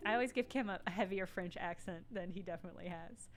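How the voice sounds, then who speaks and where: A woman's voice: fairly low pitch, fast. A young woman streaming a video game, chatting casually and mocking herself. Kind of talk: casual gameplay commentary.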